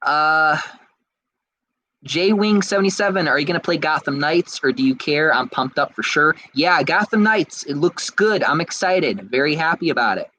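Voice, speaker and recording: A man with a fairly high, bright and forceful voice chats casually as a podcast host. He answers viewer comments one after another, excitable and rambling, often restarting his sentences. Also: normal speed, a little hiss or hum, rough recording.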